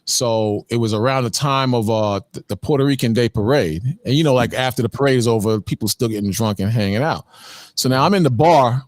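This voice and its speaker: A man's voice: medium pitch, brisk, no echo. Man telling stories, dry close sound. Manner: animated storytelling, emphatic. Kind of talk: casual religious discussion.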